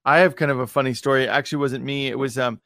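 A man's voice: medium pitch, steady tone, rapid-fire, sharp tone, no room sound, studio quality. A man hosting a podcast, telling a personal story in a loose, rambling way with many restarts. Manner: rambling, full of restarts and fillers. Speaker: podcast host.

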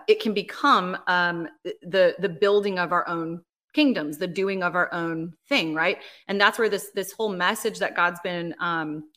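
A woman, a ministry leader, talking casually as a podcast guest, telling a personal faith story in an animated way with lots of "like" and "right?". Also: fairly low pitch. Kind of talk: casual interview, personal testimony.

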